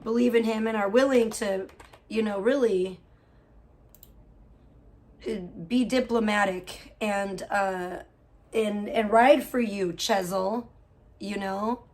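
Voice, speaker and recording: A woman's voice: mid-range voice, fairly even intonation, slow, long pauses, darkish tone. A woman hosting a casual livestream from her home, chatting in a rambling way with many fillers and restarts. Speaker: livestream host. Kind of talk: casual chat. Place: room at home with cats.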